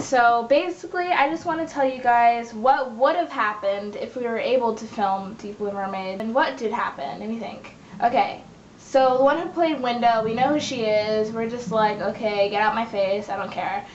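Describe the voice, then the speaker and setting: Chatty young woman, echoey lo-fi room. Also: fairly high pitch. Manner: chatty, lively, acts out characters' lines. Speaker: web series creator. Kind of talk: casual vlog recap. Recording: echoey room, dull lo-fi sound, faint hiss.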